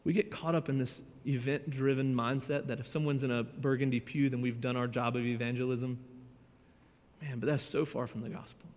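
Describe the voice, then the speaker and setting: Guy preaching, earnest and choked up, loud then quiet, big echoey church hall. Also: medium pitch, steady tone, fairly quick. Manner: emotional, earnest, swings between loud and hushed. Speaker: youth pastor. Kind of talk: sermon. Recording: church hall with long reverb.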